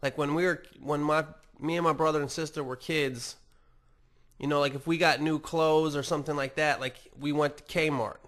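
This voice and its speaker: A man's voice: fairly high pitch, fairly even intonation, normal speed, fairly bright tone. A man hosting a podcast, rambling casually and swearing a lot while mocking himself. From United States. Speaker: podcast host. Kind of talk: casual profane monologue.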